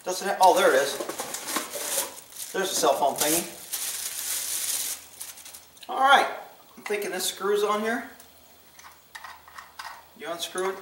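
A man's voice: sits high, animated, slow, long pauses, far from the mic. A man opening gifts on camera, muttering to himself and swearing freely as he goes. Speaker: channel host opening gifts. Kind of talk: casual unboxing chat. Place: room at home with a table. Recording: echoey room, voice off-mic, faint noise.

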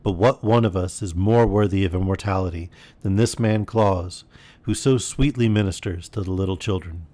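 A man's voice: deep voice, normal speed, dark tone, lightly acted. A man reading aloud and voicing a wise, solemn male immortal from a storybook, with a grave, earnest delivery.

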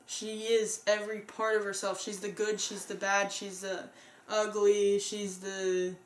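A woman's voice: medium pitch, flat delivery, a little slow. A woman co-hosting a casual movie review, earnestly retelling the plot step by step.

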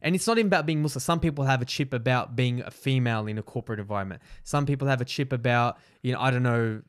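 A man's voice: medium pitch, racing. A middle-aged Australian man, a company boss, talking earnestly and motivationally as a podcast guest, often repeating words for emphasis. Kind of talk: casual podcast conversation. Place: podcast studio.

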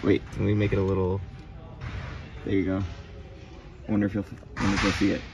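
A man on tour as a bassist, chatting straight to the camera in a casual travel vlog and poking fun at himself. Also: monotone, brisk. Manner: chatty, self-mocking, talks straight to camera. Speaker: touring bassist.

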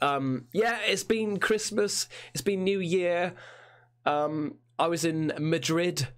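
A man with a croaky, hoarse voice from a chest infection, chatting in a lively, rambling way as he hosts a game livestream. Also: mid-range voice. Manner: lively, rambling, loud hyped greetings. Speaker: streamer. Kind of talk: casual livestream chat.

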